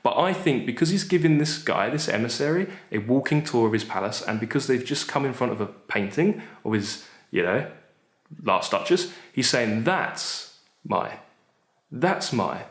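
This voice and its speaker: A man teaching poetry in a chatty, enthusiastic way, asking and answering his own questions as he goes. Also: medium pitch. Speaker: literature teacher. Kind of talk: explaining poetry to camera. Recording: roomy echo.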